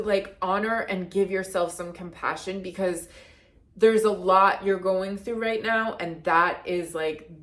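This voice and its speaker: A card reader who also created her own deck gives a casual, intuitive reading. Her voice sits on the low side and is a bit bright, and she talks in a chatty, earnest way, saying "like" constantly and restarting her sentences.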